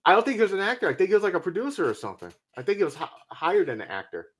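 A man's voice: sits high, wildly swooping pitch, rapid-fire, a bit bright, slightly rough. A man in casual conversation, bluntly and profanely retelling scenes from a film. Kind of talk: casual movie review chat.

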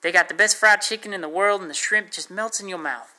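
Male narrator doing young Texas woman, sweet-talking drawl, pitched high and bright. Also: a little fast. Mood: reassuring. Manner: drawling, endearing pet names. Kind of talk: audiobook narration.

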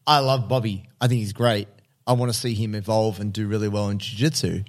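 A man's voice: lowish voice, steady tone, a little fast. A man in casual podcast chat, blunt and slangy, swearing freely.

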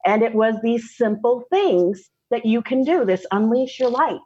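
A woman, a podcast guest telling a personal story candidly, laughing often and slowing down for emphasis. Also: on the high side, animated, dark tone, breathy edge, lo-fi sound.

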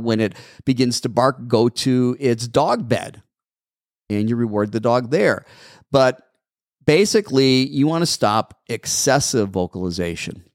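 A man who trains dogs answers listener questions on an advice show, explaining steps patiently and repeating them, his voice a little hoarse. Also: medium pitch, no echo, clean studio sound. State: slightly hoarse.

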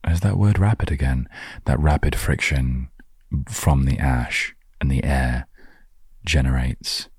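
A man with an extremely deep, husky voice chats on his solo podcast. He rambles, drifts into jokes and trails off mid-thought, and the recording is close and dry. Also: slow pace, a little mellow, dry recording. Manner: rambling, joking asides, trailing off. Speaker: podcast host. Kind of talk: casual solo podcast chat.

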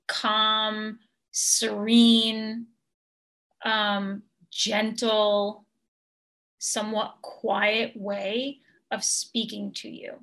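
Woman coach, interview guest; unhurried, gentle, earnest delivery with frequent ums. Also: on the high side. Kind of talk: podcast interview answer.

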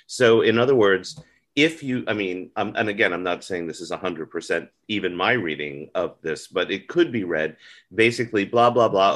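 Very deep-voiced man musing aloud. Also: normal speed, a bit bright. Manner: thinking aloud, with many restarts and asides. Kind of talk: casual literary discussion.

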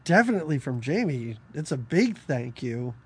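Brief: young adult man, casual co-host, chatty, quick to laugh, mid-range voice. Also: mid-range voice, sing-song, slightly rough. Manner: chatty, laughs often, jumps between topics. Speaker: podcast co-host. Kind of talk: casual film review chat.

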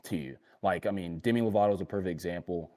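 A young man co-hosts a casual panel talk show, his voice sitting fairly low. He rambles through his points with plenty of fillers and restarts, and he gets giggly easily. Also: fast talker, darkish tone. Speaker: podcast co-host.

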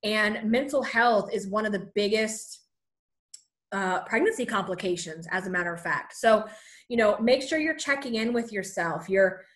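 A woman's voice: medium pitch, lively intonation, normal speed. A pregnant woman in her thirties talking casually to her viewers, chatty and encouraging, often saying "you know" and a little out of breath. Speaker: vlogger sharing pregnancy advice. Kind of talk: casual talk to camera.

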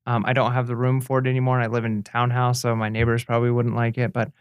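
Male co-host, mid-pitched and easygoing, halting delivery, dry close mic. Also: clean tone, dry recording. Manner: relaxed, hesitant, many fillers and restarts. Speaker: podcast co-host. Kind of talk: casual chat.

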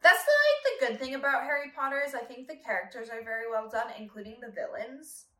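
A woman hosting a casual chat, talking in an animated way with lots of fillers. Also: on the high side. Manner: animated, many "like" fillers, quick laughs. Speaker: podcast host. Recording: echoey room, voice a bit far from the mic.

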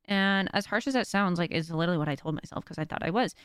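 Chatty young woman podcaster, smooth voice. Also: on the low side, quick pace, a bit bright, no room sound, clean studio sound. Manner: chatty and rambling, with joking asides. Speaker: podcast host. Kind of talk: casual podcast chat.

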